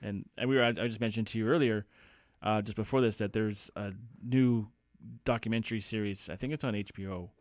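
Man, low voice, radio host, relaxed plain talk, dry close recording. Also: fairly quick, few pauses, no room sound. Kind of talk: casual radio chat introducing songs.

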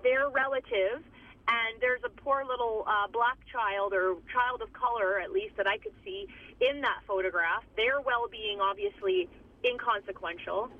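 A woman's voice: on the high side, expressive, a little slow. A woman speaking emphatically as an interviewee, with many restarts. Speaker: interviewee, community advocate. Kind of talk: recorded interview over phone. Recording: tinny phone line.

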